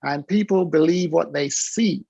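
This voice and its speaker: A man giving an animated motivational talk on a video call, preaching and acting out quotes. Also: a little high, unhurried, gravelly, slightly rough, dry recording, low-quality recording. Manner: preachy, acts out quoted voices, laughs often. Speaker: guest speaker on a virtual summit call.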